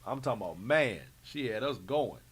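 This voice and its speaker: A man's voice: mid-range voice, moderate pace, a loud crowd. Laid-back man hosting. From Chicago. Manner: relaxed, emphatic, slangy Chicago talk. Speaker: show host. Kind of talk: casual recap chat.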